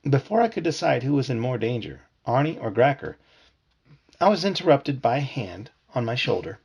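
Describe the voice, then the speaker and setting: A man reads a children's storybook aloud to his family with expressive telling. His voice is gravelly and husky, and his pitch moves in lively swings. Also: normal speed, muffled recording. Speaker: parent reading aloud. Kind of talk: reading a children's book aloud.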